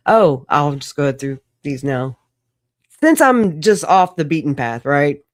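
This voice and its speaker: A woman's voice: low-pitched, very animated, slow, no room sound, studio quality. Rambling, laughing livestream woman. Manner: rambling, laughs often, swears casually. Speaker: livestream host. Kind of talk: casual solo livestream chat.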